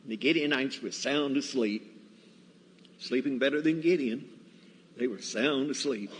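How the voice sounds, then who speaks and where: In a reverberant church sanctuary with faint ambience and slight background noise, a medium-pitched guest preacher speaks slowly. His storytelling sermon comes across folksy and deliberate.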